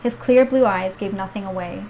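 A young woman hosting a book podcast, chatty and excitable, reading narration aloud. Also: medium pitch, normal speed, a little hiss or hum, low-quality recording. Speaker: podcast host. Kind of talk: casual chat and reading aloud.

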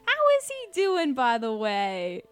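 A woman's voice: fairly high pitch, huge pitch swings, takes it slowly, fairly bright tone, clear, resonant tone, soft background music, heavily acted. A woman voicing a kindly old woman who welcomes young visitors, chatty and fussing in a grandmotherly way. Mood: delighted. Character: kindly old human woman host, long white hair.

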